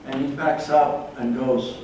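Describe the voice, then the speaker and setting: Earnest preacher in an echoing church. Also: male voice, medium pitch, little pitch movement, dark tone, a little hiss or hum. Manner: storytelling preacher, measured and earnest. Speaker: pastor. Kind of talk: sermon. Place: large church hall. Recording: echoey church recorded from far off.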